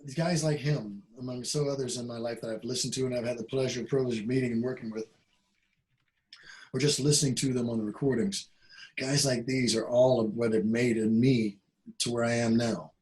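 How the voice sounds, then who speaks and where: A man's voice: medium pitch, fairly even intonation, brisk, a little mellow, rough recording. A male jazz trombonist being interviewed, talking casually and animatedly, acting out quoted exchanges and swearing now and then. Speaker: jazz bass trombonist guest. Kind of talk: casual conversation.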